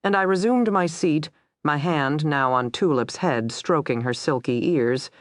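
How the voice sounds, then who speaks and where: A narrator reading a crime thriller aloud in first person, tense and steady. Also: mid-range voice, a little slow, dry recording, clean studio sound.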